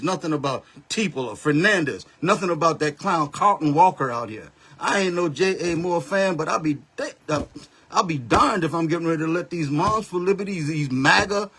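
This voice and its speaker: A man in his seventies, a pastor running a Facebook live on a phone or webcam, speaks a little high with a fairly bright, breathy tone. His talk is a heated street-style rant, blunt and confrontational.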